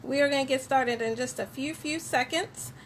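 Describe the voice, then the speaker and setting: A woman's voice: high-pitched, normal speed, a little hiss or hum. A woman hosting a weekly motivational live broadcast, cheerful and chatty, who often repeats words for emphasis. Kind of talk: upbeat live-stream motivational talk.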